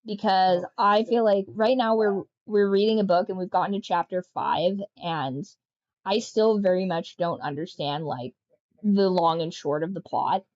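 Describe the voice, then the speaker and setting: A woman's voice: mid-range voice, measured pace, a little mellow, highs cut off. A woman game streamer chatting casually, telling rambling, joking stories with lots of fillers. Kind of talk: casual livestream chat.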